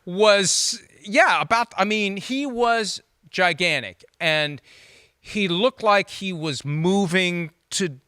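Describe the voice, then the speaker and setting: Host, smooth bright male voice, dry studio, wry and quick. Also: high-pitched, no room sound. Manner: wry, quick, self-mocking. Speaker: show host. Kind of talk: casual sports chat.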